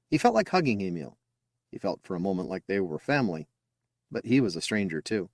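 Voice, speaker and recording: Man reading a story aloud, lowish voice, dry close recording. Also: quick pace, no echo. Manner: expressive storytelling. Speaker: audiobook narrator. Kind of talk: scripted narration.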